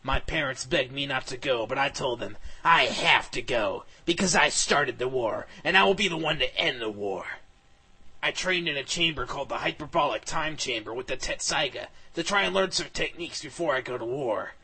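A man reads an over-the-top adventure story in a flat, matter-of-fact tone. His voice is very husky with a bright, edgy tone. He keeps an even pace. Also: mid-range voice, moderate pace, low-quality recording. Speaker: comedic reader. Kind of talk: deadpan reading of fan fiction.

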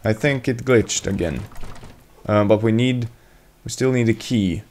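A young man hosts a let's play, offering jokey gameplay commentary in a fairly low, slightly mellow voice at a somewhat slow pace. He bursts into yelps and swearing, teasing the game monsters and talking to them in mock voices.

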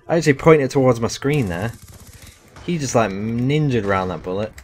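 A man's voice: on the low side, animated, moderate pace. A young man giving casual, rambling live commentary over a shooter game, chatty and self-deprecating. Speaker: gaming commentator.

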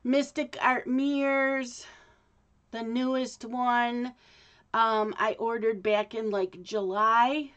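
A woman vlogging in a casual, rambling way, with frequent ums and restarts. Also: a little high. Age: adult. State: hiccups. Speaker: craft vlogger. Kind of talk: casual chat to camera.

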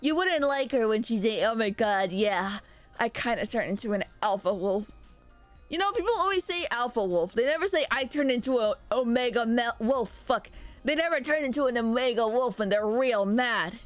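A young woman from Mexico streaming and chatting loosely with viewers, loud and rambling, often laughing at herself. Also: on the high side, lively intonation, soft background music. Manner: loud, rambling, self-mocking, quick laughs. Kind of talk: casual live-stream chat with viewers.

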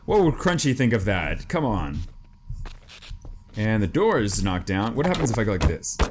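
Man, horror game commentary, very lively swooping pitch, jumpy and excitable, noisy recording. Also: normal speed. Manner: jumpy and excitable, lots of repeated exclamations. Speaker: gameplay commentator.

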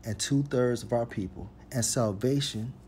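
A man's voice: mid-range voice, slight background noise. A man preaching, reading scripture verses aloud and stressing each point with "point blank, period.". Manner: emphatic, repeats "point blank, period", reads verses slowly and forcefully.

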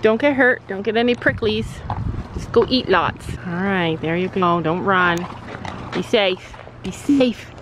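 A woman's voice: medium pitch, unhurried, noisy background. A middle-aged woman chatting casually to her viewers at a horse barn, cooing soothingly to the horses between remarks. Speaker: vlogger, mother at a horse barn. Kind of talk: casual family vlog chat.

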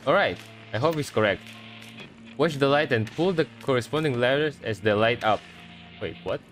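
In this horror let's-play commentary, the man is easily startled, curses, and reads the on-screen text out loud. He speaks in a mid-range voice with lively intonation at a moderate pace, over soft background music, and the recording quality is low.

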